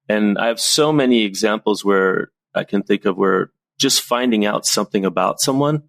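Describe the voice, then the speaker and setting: Low-voiced man telling lively stories. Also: gravelly, no room sound. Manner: lively storyteller, animated anecdotes. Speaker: presentation coach, guest. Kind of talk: casual podcast conversation.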